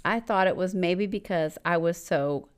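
A woman in her forties co-hosting a casual podcast, reading a listener letter aloud with dramatic pauses and frequent laughter. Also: on the low side, clean tone. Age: 40s. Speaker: podcast co-host.

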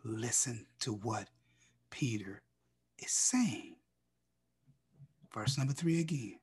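A man preaching a sermon, reading scripture and swinging from loud declarations down to hushed near-whispers. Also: medium pitch, lively intonation, takes it slowly, husky.

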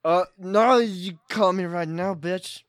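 A man's voice: high-pitched, takes it slowly, dry recording, clean studio sound. A man voicing Pepe, a crude, lovestruck guy who swears bluntly in a comedic improv role-play.

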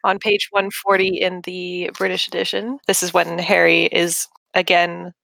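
Low, gravelly woman on a book podcast. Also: level tone, no echo. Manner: measured, reads passages slowly and quietly. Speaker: podcast co-host. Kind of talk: casual book discussion.

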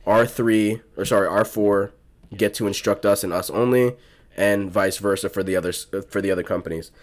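A man's voice: fairly low pitch, fairly even intonation, normal speed. A young man from South Florida hosting a podcast, telling a rambling story full of swearing and restarts in casual chat. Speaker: podcast host.

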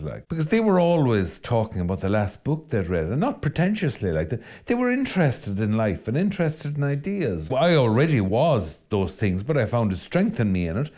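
A middle-aged Irish priest giving a podcast talk, chatty and coaxing as he teases his listeners along. His voice sits at an ordinary pitch, but it rises and falls a great deal, leaping high when he pushes a point. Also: darkish tone. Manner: conversational, teasing and exhorting.

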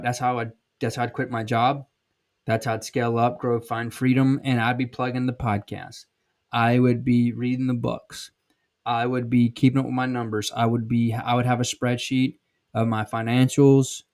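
A man in his thirties with a Southern accent talks through a casual podcast monologue. His voice sits at an everyday middle pitch, and his manner is blunt and emphatic, with frequent ums and restarts. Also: a little mellow. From South Georgia, USA. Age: 30s. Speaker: podcast host and sales trainer.

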